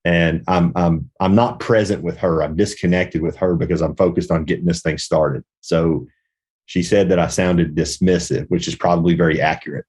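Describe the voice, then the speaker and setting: A man's voice: sits low, fairly even intonation, normal speed, a little mellow, slightly rough. A middle-aged man hosting a podcast, telling a personal story in a rambling, reflective way with many restarts. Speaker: podcast host. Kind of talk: casual podcast conversation.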